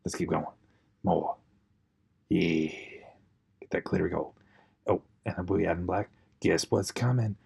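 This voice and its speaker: A young man riffs his way through a makeup video in a sarcastic, rambling voice-over. His low voice is husky, with plenty of gravelly fry. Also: unhurried, long pauses, darkish tone. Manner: sarcastic, rambling, mock-tutorial asides. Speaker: husband narrating his wife's makeup video. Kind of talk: joking improvised voice-over.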